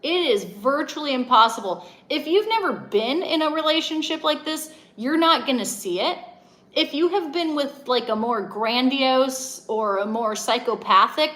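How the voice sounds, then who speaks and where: A woman's voice: sits high, fairly bright tone. A young adult woman hosting a casual livestream, talking emphatically and answering viewer comments as a coach.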